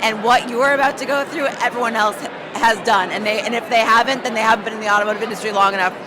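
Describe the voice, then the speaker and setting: A woman mechanic, hoarse from talking all day, giving emphatic, motivating interview answers. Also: on the high side, steady tone, rapid-fire. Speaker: automotive technician guest. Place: busy trade show floor. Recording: crowd chatter and noise behind.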